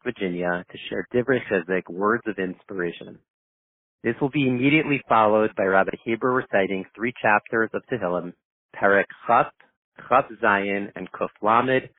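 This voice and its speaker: A man hosting a daily prayer call, introducing the speaker in a formal, measured way. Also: lowish voice, no echo. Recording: tinny dry phone line.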